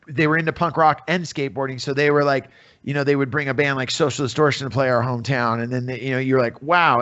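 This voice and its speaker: The recording is lo-fi, and the man's voice sits in the mid-range. A middle-aged musician-comedian from the USA, he's a guest on a podcast, animatedly narrating stories and voicing the characters in quotes during a casual interview.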